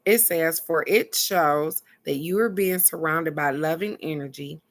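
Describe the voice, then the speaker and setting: A woman's voice: low-pitched, a little slow, hardly any pauses. A woman hosting a casual live oracle card reading, chatting with viewers, laughing often and reading each card's text aloud.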